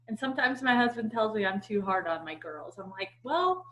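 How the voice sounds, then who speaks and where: Woman, team leader on a coaching call; chatty, filler-heavy delivery, mid-range pitch, pops into lively quoted voices. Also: poor audio. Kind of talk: casual chat.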